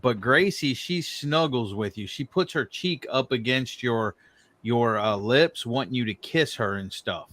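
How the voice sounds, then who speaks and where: A man's voice: animated, a little slow, fairly bright tone. A man co-hosting a casual livestream, teasing his guests and laughing often. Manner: teasing, laughs often, jumps to high-pitched mock exclamations. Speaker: co-host of a homestead livestream. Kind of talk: casual chat. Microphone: video call.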